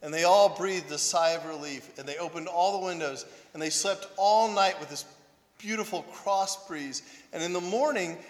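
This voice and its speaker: Speaking in a high voice at a moderate pace in a large hall, a priest and monk tells self-deprecating, funny stories. His sermon is conversational, and he often checks in with "right?".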